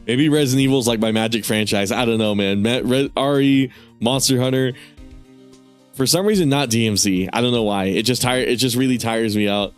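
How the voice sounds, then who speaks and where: A man's voice: medium pitch, brisk, clear, resonant tone, faint music behind. A man streaming a game, rambling casually, swearing and laughing often. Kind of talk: casual gaming stream commentary.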